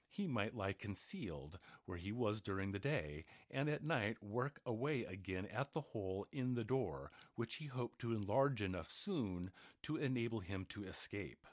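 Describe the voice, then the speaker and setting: A man narrating a fairy tale aloud in an expressive storybook reading. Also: fairly low pitch, dry recording, studio quality. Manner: expressive, animated.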